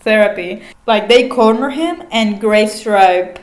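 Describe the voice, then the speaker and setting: A woman's voice: medium pitch, slow pace. A woman casually recapping a book, chatty, laughing often and swearing freely. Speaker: vlogger. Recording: echoey room.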